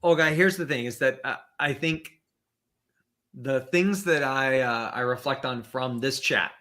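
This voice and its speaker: A man's voice: mid-range voice, measured pace, bright, forceful tone. A man as a podcast guest in casual conversation, thinking aloud with many fillers and restarts, over a video call.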